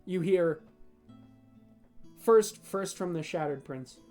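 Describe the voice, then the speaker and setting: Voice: medium pitch, takes it slowly, a little mellow. Gm describing a scene, rambly, lots of ums and likes, faint music. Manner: rambling, hesitant, with many fillers. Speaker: game master. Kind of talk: narrating a tabletop game.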